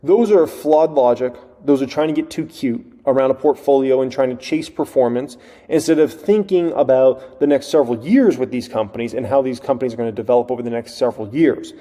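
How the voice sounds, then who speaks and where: A man in his thirties hosting an investing talk, lively and emphatic, often mimicking what a worried investor might think. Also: medium pitch, moderate pace. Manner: animated, acts out imagined investors' thoughts. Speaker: investing show host. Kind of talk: casual finance talk. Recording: long hall reverb.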